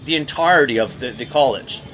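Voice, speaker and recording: Faint music plays behind a political commentator's heated ranting monologue. He talks a little fast in a sharp, medium-pitched voice, lurching along in fits and starts with stammers, repeated words and many restarts.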